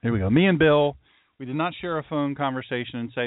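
A man, a pastor, giving a mocking, animated commentary monologue and talking to an imagined audience. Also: medium pitch, fast, no echo. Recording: tinny phone-like dry sound.

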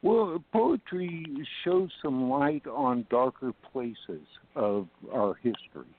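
A man's voice: medium pitch, animated, slow pace, slight background noise. A man calling in to a radio show, bantering and laughing as he chats with the host. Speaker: caller, poet. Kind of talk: casual call-in chat. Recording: dry tinny phone line.

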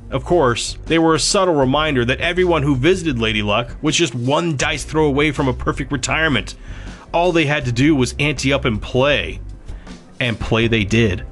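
A man narrating a novel in a steady, even storytelling manner. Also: mid-range voice. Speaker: audiobook narrator. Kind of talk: scripted narration.

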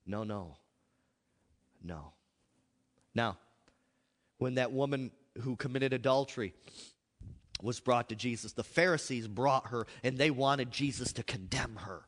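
A male pastor preaching a sermon, swinging between loud outbursts and hushed asides. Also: medium pitch, measured pace, pauses often. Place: church. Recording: echoey hall.

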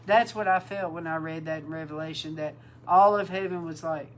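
Lowish-voiced woman preaching with animated emphasis. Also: fairly quick, hardly any pauses, slight background noise, rough recording. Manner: animated, repeats words for emphasis, addresses listeners as bride; breaks into loud exclaiming and laughter. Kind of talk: informal sermon.

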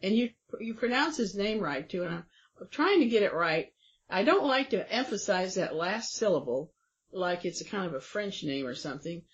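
A woman's voice: mid-range voice, animated, moderate pace. A woman hosting an interview, chatting and reading passages aloud with frequent fillers. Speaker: interview host. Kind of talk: conversational interview. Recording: dull lo-fi audio.

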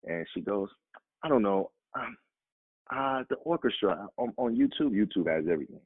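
A low-pitched man tells stories with a wide, lively swing in his voice. His tone is a little husky, and he slips into the voices of the people he quotes. The sound is dry and thin, like a phone line. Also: moderate pace. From Chicago. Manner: animated, acts out quoted voices with sudden pitch jumps. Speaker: actor and guest. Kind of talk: storytelling in conversation.

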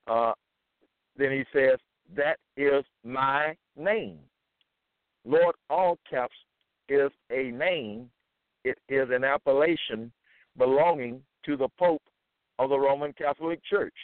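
A man giving a deliberate scripture lecture and quoting verses with stress. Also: mid-range voice, clear, resonant tone, dry recording. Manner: slow, deliberate, quotes verses with emphasis. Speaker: religious teacher. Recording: tinny phone-like sound.

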